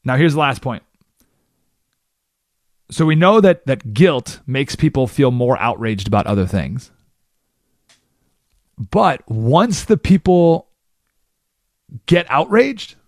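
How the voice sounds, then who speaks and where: A man hosting a talk radio show, explaining ideas in a monologue and acting out the people he quotes in quick character voices. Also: a little high, no echo, clean studio sound. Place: radio studio.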